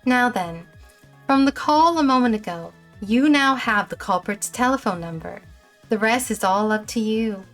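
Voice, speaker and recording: A woman voicing a mysterious ghost mentor from a video game, speaking in a calm, measured, instructive way. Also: on the high side, faint music behind. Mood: calm guiding.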